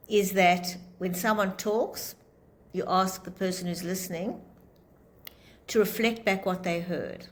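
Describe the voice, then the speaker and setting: Woman lecturer, lowish voice, explains through short role-played exchanges. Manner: explains with acted-out example dialogues. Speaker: teacher of a class on psychology. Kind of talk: lecture with group discussion.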